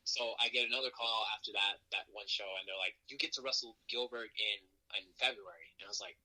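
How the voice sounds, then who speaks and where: A man, a professional wrestler, telling stories from his career in a casual interview, animated and self-deprecating, acting out quotes and laughing often. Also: fast talker, hardly any pauses, poor audio. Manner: animated, acts out quotes with jumps in pitch.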